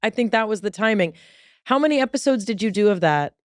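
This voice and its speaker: A woman's voice: mid-range voice, lively intonation, fast, dry recording, clean studio sound. A woman hosting a podcast, asking her guest curious follow-up questions. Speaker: podcast host. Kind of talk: interviewing a guest.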